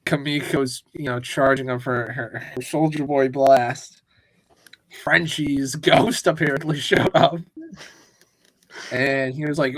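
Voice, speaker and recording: A man's voice: mid-range voice, fairly even intonation, slow pace, no echo. A man co-hosting a casual pop-culture podcast, ranting with lots of swearing. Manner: profane and ranting. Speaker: podcast co-host. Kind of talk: casual chat.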